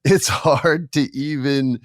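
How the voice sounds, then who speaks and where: A man's voice: mid-range voice, slow, dry recording, clean studio sound. A man hosting a podcast, telling stories casually and acting out the people he quotes. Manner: animated storyteller, acts out quoted voices. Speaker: podcast host. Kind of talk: casual storytelling chat.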